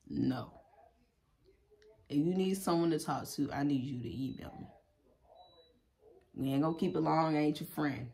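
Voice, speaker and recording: A woman's voice: low voice, vocal fry, a little mellow. A woman giving a casual tarot reading, talking bluntly and profanely in a loose, chatty way. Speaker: tarot reader.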